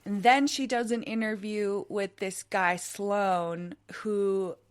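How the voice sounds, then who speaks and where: A woman's voice: medium pitch, fairly even intonation, slow, slight background noise. Blunt, dryly critical woman co-host. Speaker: podcast co-host. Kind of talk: casual commentary chat.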